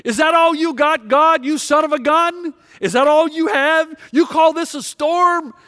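A man's voice: very high voice, lively intonation, moderate pace, big-room sound, voice pushed up. A man acting out a bitter, defiant war veteran who screams at God in a storm. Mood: defiant shouting. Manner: shouting, defiant. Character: bitter angry legless male war veteran defying God.

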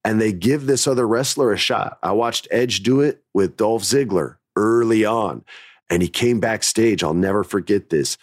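Podcast host, male, low voice, dry close sound, candid and emphatic storyteller. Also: moderate pace, no echo.

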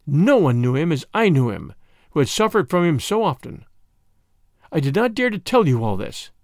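A man voicing a weary woman in mourning who speaks quietly and reproachfully. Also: fairly high pitch, sing-song, normal speed, dry recording, clean studio sound. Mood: earnest reproach.

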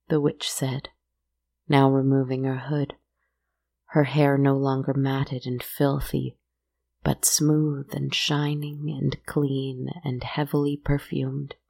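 A woman narrating a dark fairy tale in a measured, hushed storytelling manner. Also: a bass voice, level tone, gravelly.

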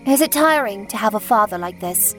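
An aloof, teasing swordsman, high and airy. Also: expressive, a little fast, fairly bright tone, big-room sound, soft background music, rough recording. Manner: blunt and teasing. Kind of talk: audiobook character voice.

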